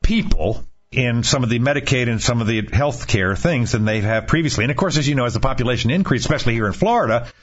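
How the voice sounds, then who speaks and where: A man's voice: mid-range voice, expressive, fast. A man hosting a casual talk radio show, rambling and joking with frequent restarts, on a muffled lo-fi broadcast. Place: radio studio in Florida.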